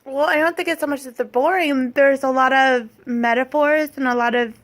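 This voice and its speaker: A woman with a somewhat high-pitched voice, chatting casually as a co-host and parent. She talks thoughtfully, explains things with care, and often rephrases her questions as she works them out. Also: fairly even intonation, normal speed. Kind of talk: casual chat.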